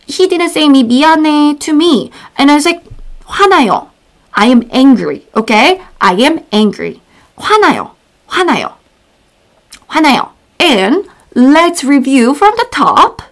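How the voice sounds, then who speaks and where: Bubbly Korean woman teaching, high lively voice. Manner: bubbly, repeats words slowly for learners. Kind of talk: casual online lesson.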